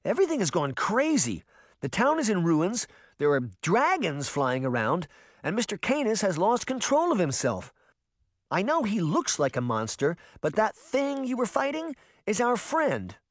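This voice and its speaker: Man doing a defiant eleven-year-old girl for an audiobook, high, pushy and insistent. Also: huge pitch swings, moderate pace, no echo, studio quality, exaggerated voice. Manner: insistent, pleading.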